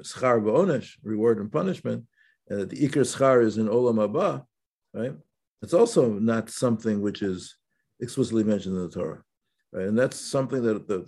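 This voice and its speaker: A man teaching an informal Torah class, talking in halting phrases with frequent restarts and checking questions. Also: medium pitch, gravelly, a little mellow, husky. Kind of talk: informal religious lesson.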